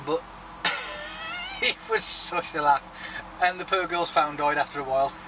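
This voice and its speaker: Brief: male vlogger, chatty and sweary, slightly high voice, mic set back with loud traffic behind. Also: fairly quick, distant mic. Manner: rambling, chatty, swears freely. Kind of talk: casual vlog chat.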